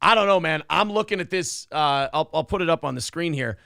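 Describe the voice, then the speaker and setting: Man, host, casual podcast chat, gravelly voice, higher pitch, dry sound. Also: a little fast, no echo. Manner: profane, animated, jokey.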